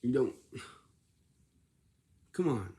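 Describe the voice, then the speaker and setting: Man, husky gravelly voice, slow delivery, earnest informal advice, repeats himself. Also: medium pitch, animated, warm tone. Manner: earnest, repetitive, instructing the listener directly. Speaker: presenter giving advice. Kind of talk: informal explanatory talk.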